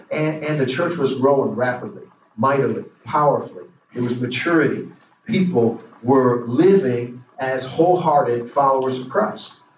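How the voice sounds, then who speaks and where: A man's voice: fairly high pitch, a little hiss or hum. A man preaching a sermon as pastor, questioning the congregation and drawing answers back in call-and-response. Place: church sanctuary. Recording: roomy echo, distant mic, faint ambience.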